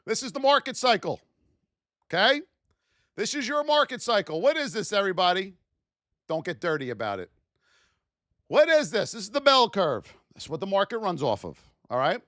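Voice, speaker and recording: A man's voice: high-pitched, very animated, normal speed, pauses often, fairly bright tone, no echo, clean studio sound. A man teaching a live trading class, speaking animatedly to his chat and acting out traders' frustrated self-talk. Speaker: trading instructor.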